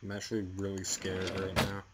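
A man's voice: low-pitched, completely flat delivery, fairly quick, background noise. A young man from Canada narrating a horror game as he plays, swearing a lot and talking himself through the scares. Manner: profane, jumpy, talks himself through scares. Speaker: gaming channel host. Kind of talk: horror game let's play commentary.

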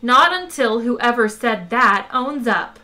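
A woman's voice: on the high side, measured pace, sharp tone, soft background music. A woman voicing a fussy, motherly ship's computer that speaks in a prim, scolding, nannying way. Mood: stern.

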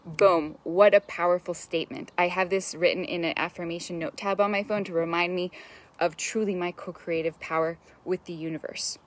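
A young adult woman hosts a live-stream coaching talk, upbeat and chatty, greeting her viewers as she goes. Her voice sits a touch low for a woman, and she drops in the odd curse word. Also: fairly even intonation, fairly quick. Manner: enthusiastic, chatty, greets viewers, some swearing. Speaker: business mentor.

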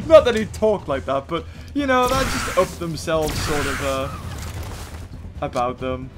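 A young man with a high, bouncy voice that leaps all over the place. He rambles through casual gameplay commentary, cracking self-mocking jokes and breaking into excited bursts. Faint music plays underneath. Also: unhurried. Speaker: gaming channel host.

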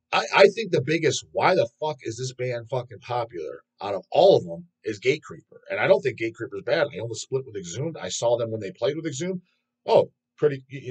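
A man's voice: mid-range voice, breathy edge, poor audio. A man hosting his own metal music channel, ranting casually and bluntly to camera, swearing constantly and speaking with strong opinions.

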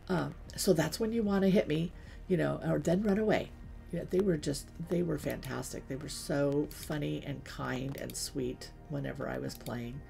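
A middle-aged woman with a low-pitched, slightly gravelly voice tells stories while she plays. Her talk is chatty and loose, broken by quick asides to the game, with faint music playing behind her. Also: warm tone. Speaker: streamer. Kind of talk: casual gaming livestream chat.

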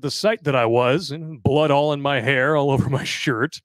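A man's voice: medium pitch, fairly even intonation, normal speed, a bit bright, dry recording. A man hosting a live show, reading a story aloud in a crude, jokey way and laughing often. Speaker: podcast host reading a listener story. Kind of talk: casual live-stream chat.

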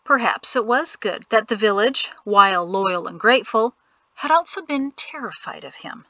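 A woman narrating an audiobook chapter in a steady storytelling manner. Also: mid-range voice, normal speed, no echo, rough recording. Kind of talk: scripted narration.

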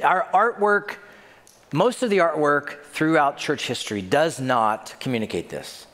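A man's voice: a little high, fairly bright tone, long reverb tail. A man preaching a sermon as senior pastor, telling the story with animation and acting out the scenes. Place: church sanctuary.

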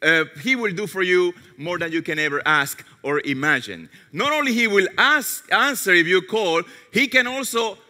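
A man's voice: high voice, expressive, moderate pace, few pauses. Man preaching in an echoing hall. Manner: storytelling, drops to soft tones for quoted prayers. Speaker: pastor. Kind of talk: sermon. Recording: long hall reverb.

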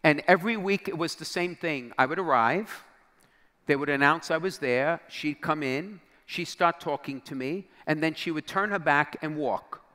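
A man's voice: on the high side, normal speed, sharp tone. A middle-aged man, a bishop, preaching to young people by telling a story, acting out the dialogue and dropping almost to a whisper at key moments. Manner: dramatic storyteller, acts out quoted dialogue, drops to near-whisper at key moments. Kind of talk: storytelling sermon to a youth crowd. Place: large convention hall. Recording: long reverb of a large hall.

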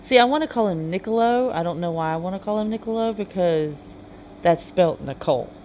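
A gamer reading game dialogue aloud in a halting way, with chatty asides in between. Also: mid-range voice, animated, darkish tone, muffled recording, slight background noise. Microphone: phone game recording with mic.

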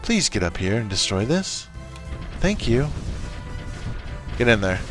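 Faint game music and artillery play behind this casual let's play, where a male commentator goofily orders his strategy-game units about and cracks jokes at them. His voice sits lowish, sing-song and a little slow.

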